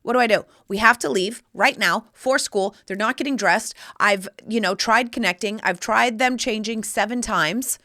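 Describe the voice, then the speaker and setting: A woman's voice: fairly high pitch, normal speed, hardly any pauses, bright, forceful tone. A woman in her forties hosting her own podcast, talking in a sassy, theatrical way and calling the listener "honey". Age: 40s. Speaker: podcast host. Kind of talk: casual solo podcast monologue.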